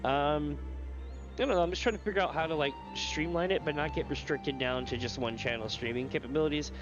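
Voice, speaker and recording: A man's voice: a little high, brisk, lo-fi sound, over music. A male streamer with a stuffy nose, chatting casually on a live game stream, rambling, swearing freely and laughing often. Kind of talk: casual livestream chat.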